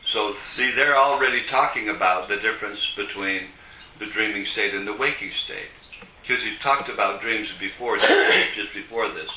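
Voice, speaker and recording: A man leading a study group, reading a text aloud slowly and explaining it with frequent restarts. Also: lowish voice, bright, forceful tone. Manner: slow, deliberate, with many restarts. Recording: echoey room picked up from a distance, faint noise.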